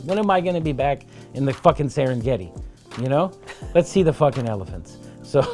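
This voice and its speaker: A man guesting on a podcast, telling a wild travel story over drinks with lots of swearing. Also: medium pitch. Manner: animated, profane anecdote-telling. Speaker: podcast guest, trial lawyer.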